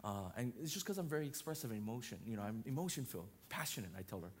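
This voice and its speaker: Guy pastor preaching, loud and emotional, keeps saying right?, voice not high not low. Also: rapid-fire, slightly rough. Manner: loud, expressive preaching with frequent "right?" asides. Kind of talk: sermon.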